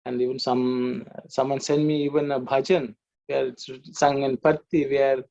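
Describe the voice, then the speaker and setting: A man's voice: medium pitch, little pitch movement, moderate pace, creaky, dark tone, muffled recording. A man teaching an online Sanskrit class, explaining patiently with many fillers and restarts.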